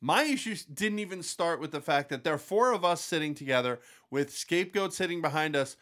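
Wry man with a slightly high voice. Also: expressive, a little fast, a bit bright. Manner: outgoing, wry storyteller. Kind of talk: casual podcast chat.

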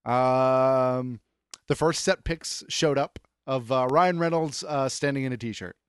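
A man's voice: mid-range voice, slow, clear, resonant tone. A man co-hosting a casual geek podcast, teasing and laughing easily, with hesitant fillers, a beer or two in. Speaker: podcast co-host, news segment. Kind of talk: casual chat.

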